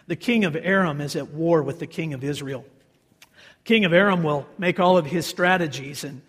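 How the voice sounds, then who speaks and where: A man preaching a sermon as pastor, telling a story in an animated way and acting out the quoted voices. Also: on the high side, slightly rough. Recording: long reverb of a large hall.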